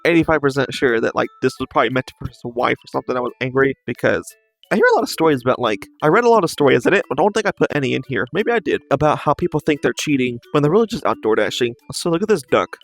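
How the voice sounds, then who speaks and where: A man's voice: mid-range voice, animated, fast talker, creaky, soft background music. A man hosting casual commentary on online posts, rambling, swearing freely and laughing often. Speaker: host.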